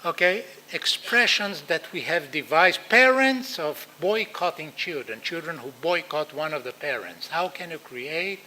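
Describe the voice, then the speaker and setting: A man with an Israeli accent giving a conference talk, animated and acting out quoted dialogue. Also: fairly high pitch, unhurried, hardly any pauses, slight background noise, low-quality recording. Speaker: lecturer.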